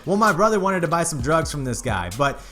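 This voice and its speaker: A man's voice: on the high side, very animated, fairly quick, music in the background. A man hosting his own channel, candidly telling a personal story to his viewers in a casual, earnest way. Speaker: YouTube channel host.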